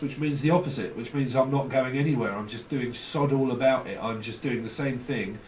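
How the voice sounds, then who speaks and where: A man's voice: medium pitch, roomy sound, recorded from a distance, slight background noise, rough recording. A man giving a casual tarot reading, rambling and blunt, swearing freely. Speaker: tarot reader.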